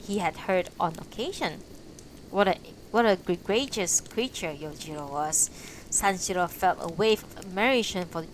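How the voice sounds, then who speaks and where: A woman reading a classic novel aloud on a live stream, with a lively voice that swings up and down through each sentence. Between passages she drops into casual, blunt asides. A faint hum of room ambience sits underneath. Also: mid-range voice, rough recording. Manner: expressive reading broken by casual, profane asides. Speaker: audiobook reader and streamer.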